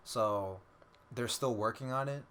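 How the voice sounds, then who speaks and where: A man talking with steady middle-pitched enthusiasm on a casual podcast. He swears freely and keeps things loose and conversational. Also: unhurried, slight background noise. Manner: excited, swearing, acts out quotes with laughs. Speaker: podcast co-host. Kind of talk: casual fan podcast chat.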